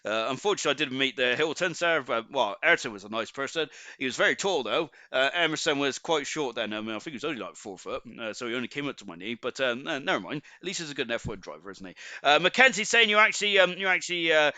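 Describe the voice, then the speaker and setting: A man with a Forest of Dean accent, chatting halting and full of ums as he commentates a sim racing league stream and reads out the chat. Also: mid-range voice, lively intonation, bright, forceful tone, dry recording. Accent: Forest of Dean (Gloucestershire) English. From Forest of Dean, England. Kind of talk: live stream race commentary, reading chat.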